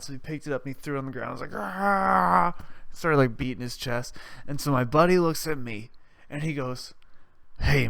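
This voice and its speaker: A young man hosts his own show, telling rambling, profane stories with lots of restarts. His voice is smooth and clear, and the sound is dry and close. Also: fairly high pitch, no echo. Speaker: podcast host. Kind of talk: casual storytelling monologue.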